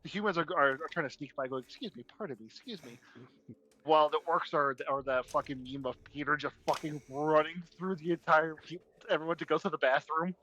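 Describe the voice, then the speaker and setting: Bright, swearing male podcast co-host. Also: a little high, steady tone, fairly quick, few pauses, slight background noise, rough recording. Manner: profane, laughs often, stumbles and repeats words. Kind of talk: casual chat.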